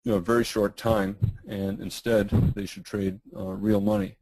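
A middle-aged man, losing his voice and clearing his throat, answering webinar questions in a halting way with many fillers and restarts. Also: lowish voice, little pitch movement, a little mellow, no room sound, rough recording. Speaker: guest trading educator.

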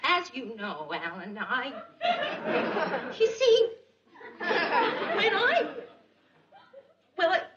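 An actress playing a flustered young sitcom wife who stammers and laughs through tears. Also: female voice, high-pitched, wildly swooping pitch, drawn-out words, pauses often, roomy sound, a loud crowd, very noisy, exaggerated voice. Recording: lo-fi vintage sitcom audio, studio audience.

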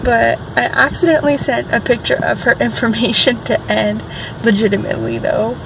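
A gravelly, fry-heavy woman chats into her phone from a parked car. She rambles excitably, stacking fillers as she talks. Car and air-conditioning hum fills the background. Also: on the high side, normal speed. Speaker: vlogger. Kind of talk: casual chatty vlog. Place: parked car outside a store.

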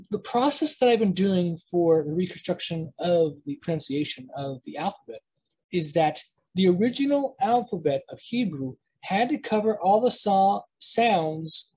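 A teacher talks through a casual lesson in a husky, breathy voice at an ordinary middle pitch. The delivery rambles, with frequent fillers, restarts, and thinking aloud while explaining. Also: darkish tone, low-quality recording. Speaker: language teacher.

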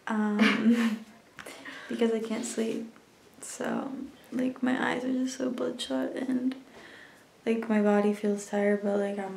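A woman's voice: medium pitch, gravelly, a little mellow. A woman vlogging casually to camera about her competition day, rambling with lots of fillers. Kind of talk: casual vlog talk to camera. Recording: noisy background.

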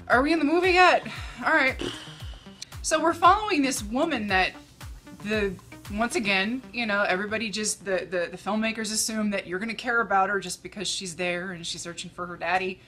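Woman, movie review co-host, sarcastic and blunt, bright tone, faint music behind. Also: medium pitch. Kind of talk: casual movie review chat.

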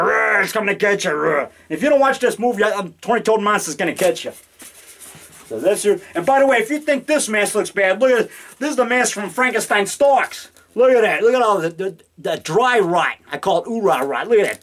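A man in his fifties rambling excitedly through a home video in his basement, now and then growling mock monster roars. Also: high voice, fairly quick. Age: 50s. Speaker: independent horror filmmaker. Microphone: handheld digital camera.

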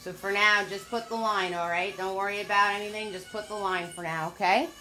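A woman's voice: mid-range voice, fairly even intonation, fairly quick, sharp tone, faint music behind. An older woman giving a live painting lesson, upbeat, chatty and encouraging. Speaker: painting instructor.

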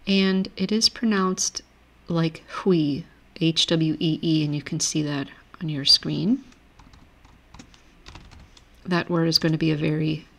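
Woman, lowish voice, gravelly fry, patient teacher, screen-share grammar lecture, desk mic. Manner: patient, reads word lists aloud slowly. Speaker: language teacher.

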